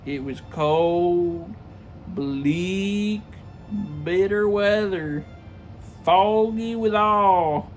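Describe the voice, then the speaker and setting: A man's voice: high voice, extremely slow, faint music behind, poor audio. A man reading a classic story aloud in a comedic style, stumbling and correcting himself as he goes. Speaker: narrator.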